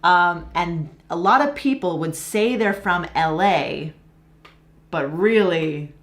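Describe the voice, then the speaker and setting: A woman's voice: fairly low pitch, takes it slowly. A woman co-hosting an English lesson chat, explaining things casually with lots of fillers. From Los Angeles, USA. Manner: chatty, explains with many fillers. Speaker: English teacher and co-host.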